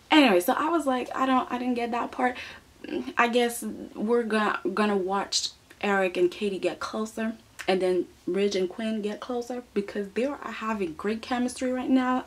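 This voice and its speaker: A woman giving sassy, animated commentary as she reviews a soap opera, often tossing in a rhetorical "okay?" and laughing. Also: medium pitch. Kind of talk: casual commentary.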